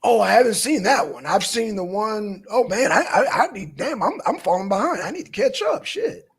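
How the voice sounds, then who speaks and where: Brief: male host, casual news banter, needling, husky tone. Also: sits high, moderate pace. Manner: animated, needling, swears casually. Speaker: show host.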